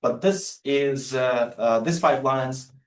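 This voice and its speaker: A man, a non-native English speaker, giving an academic lecture on poetic forms with many halting fillers and restarts. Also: medium pitch. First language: Latvian. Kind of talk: public lecture with poetry readings. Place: lecture room. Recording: roomy lecture hall sound.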